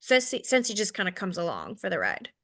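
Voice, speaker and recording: A thirties-aged woman with a Southern American accent talks through sales training in a loose, candid style, self-deprecating and often asking "okay?" Her medium-pitched voice swings hugely in pitch and moves briskly, with a fairly bright tone.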